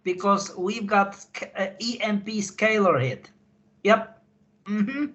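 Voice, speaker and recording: A man's voice: high voice, steady tone, slow, a bit bright, lo-fi sound. A man in an emotional call chat, repeating himself and apologizing, with non-native phrasing. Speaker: insider guest recounting missions.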